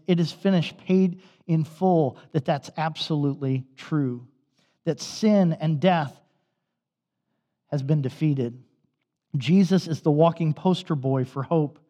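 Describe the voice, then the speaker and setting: A man's voice: a little high, a little mellow. A male pastor preaching a sermon in a church, telling stories in a conversational way. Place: church sanctuary. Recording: dull recording with long hall reverb.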